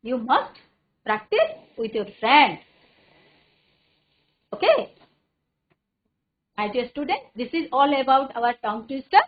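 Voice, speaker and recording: A woman's voice: high voice, big pitch swings. A woman headmistress with an Indian English accent, teaching an online English class in an encouraging way and repeating her phrases. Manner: encouraging, repeats phrases, recites tongue twisters fast. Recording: narrow phone-like sound.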